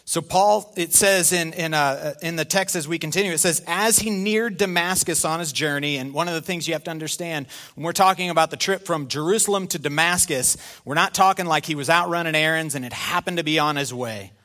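A middle-aged male pastor preaching a sermon in an animated, conversational way with self-deprecating humor. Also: on the high side, a little fast, few pauses.

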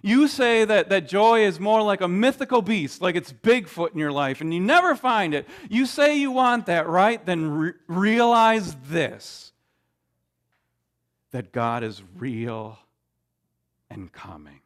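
Male pastor, sermon, high voice, slow and deliberate, emphatic, dramatic pauses, restarts. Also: very animated.

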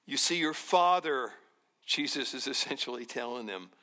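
A man preaching a sermon, slow and emphatic, repeating phrases and dropping to near-whispers for tender lines. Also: mid-range voice, expressive, sharp tone. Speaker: pastor.

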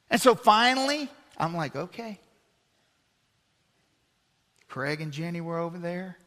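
A middle-aged man, a pastor preaching an animated sermon with sarcastic asides. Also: on the high side. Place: church sanctuary. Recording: long church-hall reverb.

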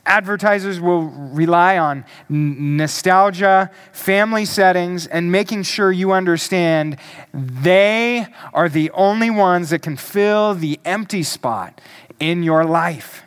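A male pastor preaching a sermon, emphatic and deliberate, asking the congregation questions. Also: sits high, smooth.

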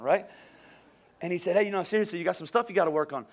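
A middle-aged man, a pastor, preaching a sermon with animated storytelling, quoted dialogue and rhetorical questions. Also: high-pitched, racing.

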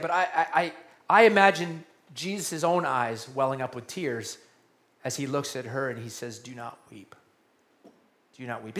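Guy preaching a sermon, kinda high voice, repeats stuff, gets real quiet then loud again. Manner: animated preaching, repeats key lines, drops to quiet soft tones for emphasis. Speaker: pastor.

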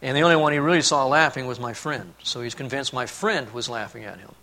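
A man preaching a sermon, telling a family story and then speaking earnestly and softly about God's love. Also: medium pitch, quick pace. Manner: storytelling, then earnest and hushed on key points. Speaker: pastor.

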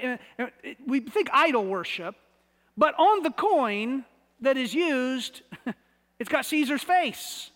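A man's voice: extremely high pitch, fairly bright tone, long reverb tail. A man from the United States preaching a sermon, conversational and often repeating words as he searches for the phrasing. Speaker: pastor.

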